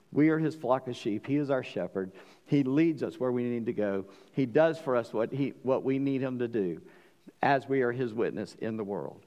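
A man preaching a sermon as pastor, emphatic, swinging between loud declarations and quiet asides, asking the congregation questions. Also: mid-range voice, big-room sound. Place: church.

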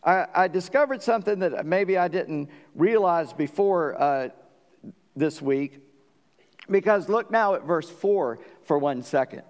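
Guy preaching, chatty folksy sermon, slightly high voice, long church hall echo. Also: animated, unhurried, a little mellow. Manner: folksy, conversational, asks the congregation for agreement. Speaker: pastor. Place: church sanctuary.

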